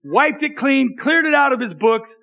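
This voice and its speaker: A man's voice: very high-pitched, animated, normal speed, gravelly, sharp tone, highs cut off. A man preaching a sermon as pastor, reading scripture aloud and making joking asides to the congregation in a conversational way.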